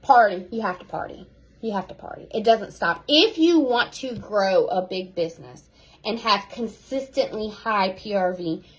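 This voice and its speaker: Husky woman giving a pep talk. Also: on the high side, rough recording. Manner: animated, repeats key phrases for emphasis. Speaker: direct sales team leader. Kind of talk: casual motivational talk to her team. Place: home.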